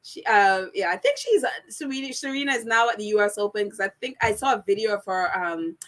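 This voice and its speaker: A woman's voice: mid-range voice, very animated, fast, a bit bright. A woman hosting a casual live chat and reading out viewer comments. Her voice jumps all over the place, and she laughs often.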